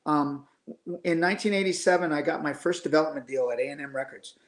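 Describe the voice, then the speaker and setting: A man's voice: a little high, fast, roomy sound. A middle-aged man in casual chat, telling blunt stories, swearing freely and acting out the voices of people he quotes. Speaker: guest musician.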